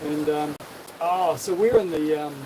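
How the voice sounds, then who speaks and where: A man's voice: fairly high pitch, measured pace. A man with a New Zealand accent hosting a casual live stream from a sailboat, upbeat and jokey. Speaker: sailing vlog host. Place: on a sailboat at sea, outdoors. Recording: wind and water noise on deck.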